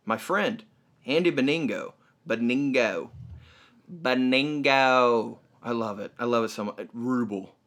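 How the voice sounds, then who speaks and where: A man's voice: mid-range voice, lively intonation, moderate pace, fairly bright tone. A man hosting a comedy podcast, chatting casually in a playful, teasing and rambling way.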